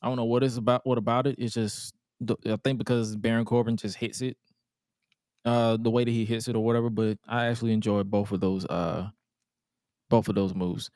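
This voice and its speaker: Smooth-voiced blunt man hosting a podcast. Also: on the low side, little pitch movement, a little fast, darkish tone, no echo, studio quality. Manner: blunt, profane, jokey. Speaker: podcast host. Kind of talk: casual podcast chat.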